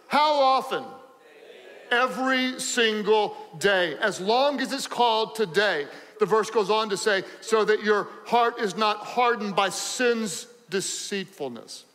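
High-voiced pastor preaching in a reverberant hall. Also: male voice. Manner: animated, joking, repeats phrases for emphasis. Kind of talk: sermon.

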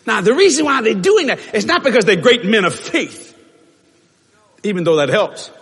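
High, animated husky preacher. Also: male voice, normal speed. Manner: animated, shouting in bursts, joking, acting out quotes. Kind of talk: lively church sermon. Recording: long reverb of a church hall.

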